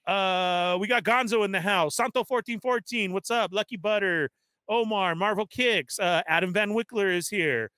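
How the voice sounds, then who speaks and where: Bright, high-voiced male stream host. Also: clear, resonant tone, dry recording. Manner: energetic, reads viewer shout-outs rapid-fire. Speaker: livestream host. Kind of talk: casual live-stream chat.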